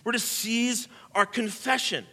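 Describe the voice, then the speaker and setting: A man preaching a sermon as pastor, emphatic, swinging between soft and loud. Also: very high voice, fairly even intonation, unhurried, big-room sound.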